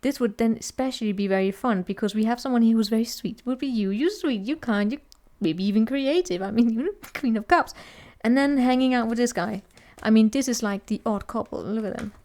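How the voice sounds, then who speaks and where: A woman's voice: a little high, brisk, hardly any pauses, mellow. A woman giving a casual, chatty tarot reading to viewers, teasing and laughing as she talks, often restarting her sentences. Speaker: tarot reader.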